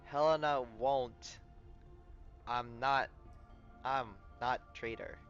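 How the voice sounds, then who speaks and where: A man reading out a frightened little girl from a game who speaks in short, broken phrases. the voice stays fairly plain and low. the sound is a little muffled, with quiet game music behind. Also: fairly even intonation, slow pace. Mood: pleading.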